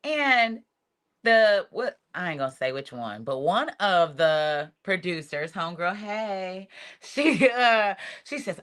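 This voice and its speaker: Woman telling a long story, acts out everybody's lines, super animated. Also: fairly low pitch, slow pace. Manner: animated, acts out quotes of others. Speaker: reality show cast member, guest. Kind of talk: casual storytelling in an interview.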